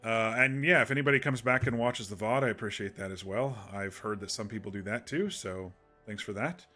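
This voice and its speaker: A man's voice: on the low side, a little fast, pushed and bright, soft background music. A man streaming a game, chatting casually to viewers in a soothing, rambling way with many restarts.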